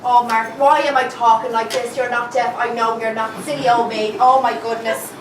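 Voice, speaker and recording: A woman's voice: sits high, measured pace. An Irish woman acting a fretful woman preparing food for a wake, fussing and talking to herself, in an amateur stage comedy. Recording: echoey hall, distant mic, noisy.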